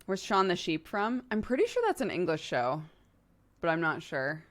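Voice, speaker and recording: A woman's voice: lowish voice, very animated, normal speed. A woman streamer in casual livestream chat, rambling playfully and laughing often.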